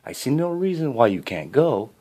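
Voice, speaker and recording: A man reading a storybook, voicing a sly, cold middle-aged stepmother with slow, drawn-out words. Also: medium pitch, very animated, voice pushed up. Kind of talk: storybook character voice.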